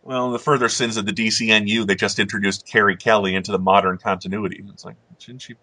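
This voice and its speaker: A man's voice: fairly low pitch, little pitch movement, quick pace, sharp tone, no echo. A man hosting a casual commentary chat, rambling and self-deprecating with frequent chuckles. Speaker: host.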